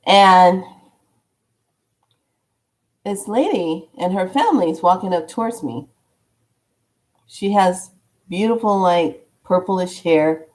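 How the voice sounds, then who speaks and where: A woman vlogger telling a spiritual story in a casual, animated way, acting out the dialogue as she goes. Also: on the low side, takes it slowly, pauses often.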